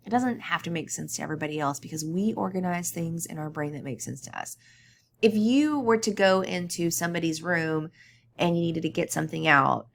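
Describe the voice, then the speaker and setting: A woman's voice: fairly low pitch, gravelly, a little hiss or hum. A woman teacher giving a conversational recorded lecture over slides, often checking in with "okay?".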